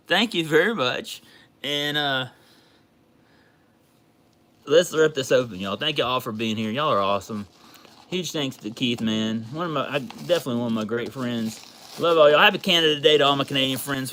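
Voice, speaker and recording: Male livestream host, bright, gushing, excitable; casual chat. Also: a little high. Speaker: card collecting livestream host. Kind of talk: casual livestream chat while opening a package.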